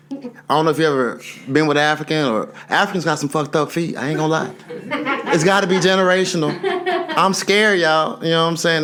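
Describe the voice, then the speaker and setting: Stand-up comic, young man, lively swinging delivery, laughs through his own bits. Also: fairly high pitch. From Texas. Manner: loose, laughing storytelling, slips into character voices. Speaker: stand-up comedian. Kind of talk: stand-up comedy set.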